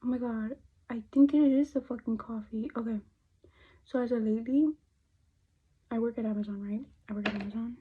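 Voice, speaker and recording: A woman's voice: fairly high pitch, fairly even intonation, normal speed, long pauses, husky. A young woman vlogger doing her makeup and chatting casually, swearing often and dropping into Spanish phrases. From United States. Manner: chatty, loose, swears a lot, slips into Spanish. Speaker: beauty vlogger. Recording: dull lo-fi phone audio.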